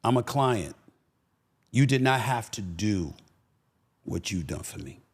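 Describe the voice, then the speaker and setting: A man talking as a podcast guest, an animated, emphatic storyteller who repeats phrases for punch. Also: on the low side, slow, husky. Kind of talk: casual interview talk.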